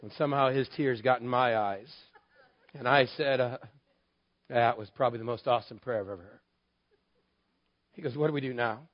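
A man's voice: medium pitch, normal speed, long pauses. A male pastor preaches in a candid, conversational storytelling manner, slipping in wry humor. His voice sits in a middle register. The sound is dry, with no room echo, and slightly dull and lo-fi. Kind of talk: sermon storytelling.

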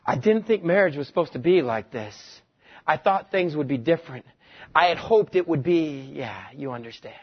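Male pastor from West Texas preaching with personal stories and self-deprecating humor, higher-pitched voice, dull lo-fi recording. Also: animated, moderate pace, breathy edge. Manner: storytelling, self-mocking humor. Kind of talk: sermon.

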